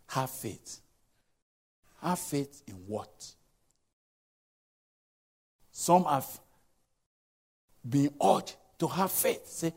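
A man preaching a sermon, emphatic and repetitive, swinging between loud exhortation and hushed asides. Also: mid-range voice.

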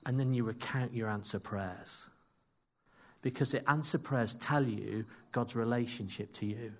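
Animated man preaching a sermon. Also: mid-range voice, measured pace. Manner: animated storytelling, self-deprecating asides.

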